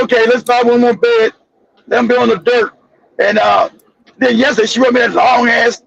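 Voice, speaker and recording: A man hosting a casual chat, telling a long story in an animated, profane way with many restarts. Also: extremely high pitch, creaky, breathy edge, no room sound, highs cut off. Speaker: show host.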